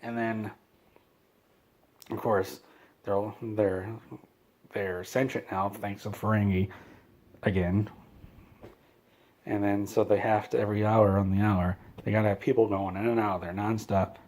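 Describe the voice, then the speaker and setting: Low-voiced rambling man, dry and offhand. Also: little pitch movement, a little slow, pauses often, a little mellow. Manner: meandering, self-interrupting, dry. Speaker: comedy channel host. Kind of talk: rambling comedic retelling.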